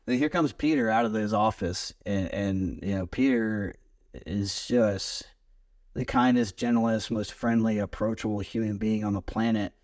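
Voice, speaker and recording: A man as a podcast guest, telling a long story in a lively, rambling way and swearing freely. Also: lowish voice, measured pace. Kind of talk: casual storytelling chat.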